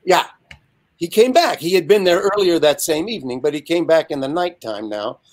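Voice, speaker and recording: A man in his seventies, a guest telling a lively, animated anecdote over a video call. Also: fairly high pitch, moderate pace. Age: 70s. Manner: lively, animated storyteller with frequent asides. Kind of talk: casual anecdote storytelling.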